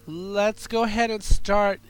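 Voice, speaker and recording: A woman's voice: medium pitch, steady tone, slow pace, clear, resonant tone. A congested woman hosting a chatty podcast, sassy and profane, calling her listeners darlings and girls. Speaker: podcast host. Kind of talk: casual chat show monologue.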